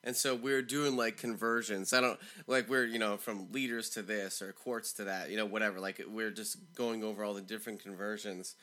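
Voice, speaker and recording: A man telling a school story in casual chat, animated and laughing, acting out the people in it. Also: fairly low pitch, a little fast, few pauses. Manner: animated storyteller, laughs often, acts out quotes.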